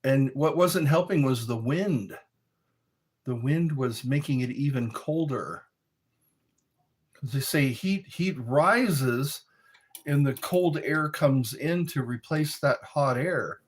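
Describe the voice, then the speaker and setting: A man's voice: slow pace, husky. A middle-aged man hosting a casual livestream, rambling and reading chat messages aloud. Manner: rambling, reads chat aloud, breaks into high howls and quoted lines. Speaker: livestream host.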